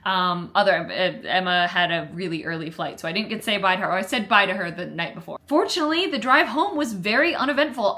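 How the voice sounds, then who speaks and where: A young woman filming a casual travel vlog on a handheld camera, bubbly and excitable, with chatty asides. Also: mid-range voice, brisk, hardly any pauses, no echo. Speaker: vlogger. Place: theme parks, outdoors and at home.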